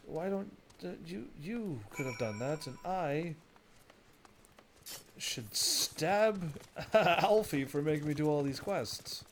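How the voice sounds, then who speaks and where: A man's voice: a little high, animated, takes it slowly, faint music behind. Jokey young man playing a game. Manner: jokey, laughs often, talks to himself. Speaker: gaming streamer. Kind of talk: casual let's-play commentary.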